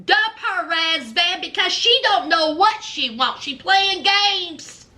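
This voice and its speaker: A woman's voice: very high voice, animated, slow pace, pushed and bright. A woman giving a blunt, sassy reaction recap of a reality show, scolding the people on it. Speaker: reality TV commentator.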